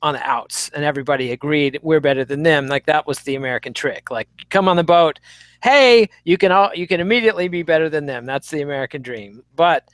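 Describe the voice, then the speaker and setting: A man's voice: on the high side, fast talker, dry recording. Podcast co-host, man, wry commentator, dry close sound. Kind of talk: opinionated podcast chat.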